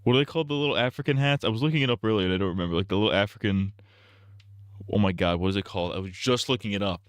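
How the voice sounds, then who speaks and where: A man's voice: lowish voice, very fast, dry recording, clean studio sound. A young man rambling crude jokes on a casual gaming livestream. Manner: crude, rambling, giggly banter.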